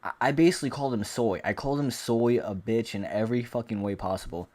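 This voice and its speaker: A man's voice: mid-range voice, fast, a little mellow. A man giving a casual fight recap rant as an MMA commentator, profane, boastful and rambling.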